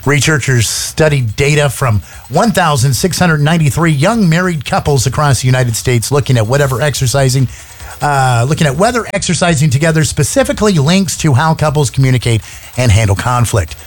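Lively chatty male radio host. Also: on the high side, a little fast, soft background music. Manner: chatty, joking, many filler words. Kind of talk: casual on-air chat. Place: radio studio.

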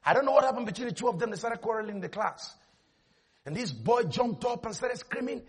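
A man preaching a sermon, telling a story with lively energy and often shouting. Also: very high-pitched, brisk, breathy edge.

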